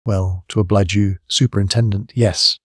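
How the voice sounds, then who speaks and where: A man voicing a quick-witted young English gentleman adventurer who talks in a lightly ironic, brisk way. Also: on the low side, little pitch movement, dry recording, studio quality, close to an everyday voice. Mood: wry.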